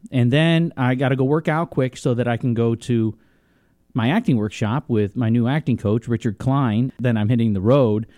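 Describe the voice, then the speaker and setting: A man's voice: medium pitch, warm tone, no echo. A young man hosting a talk radio show, chatting casually in a studio and laughing often.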